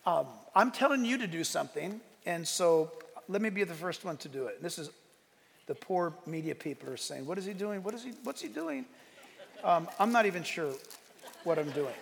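High, gravelly-voiced man preaching. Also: in a large hall. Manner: animated preaching, bursts of shouted emphasis. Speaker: pastor. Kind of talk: sermon.

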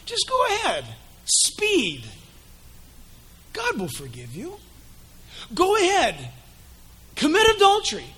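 A crafty male devil who coaxes and taunts, his voice high, bright and full of swings in pitch, played by a preacher in his sermon. He wheedles and mocks. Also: huge pitch swings, takes it slowly, pauses often, full character voice. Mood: coaxing hush. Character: sly tempting male devil, coaxing and accusing.

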